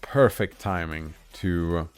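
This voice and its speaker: A man who reads a philosophy text aloud slowly and haltingly, adding small comments of his own, sounding tired. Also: low-pitched, smooth, soft background music. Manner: slow, halting reading with comments in between. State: tired, yawning. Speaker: streamer reading philosophy aloud. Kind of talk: reading a text aloud with asides.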